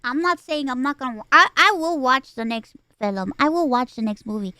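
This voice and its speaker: A woman streamer chatting casually about a film she watched, animated and swearing freely, with mocking exaggerated asides. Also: high voice, a little fast, clean tone, no room sound, clean studio sound. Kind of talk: casual livestream chat.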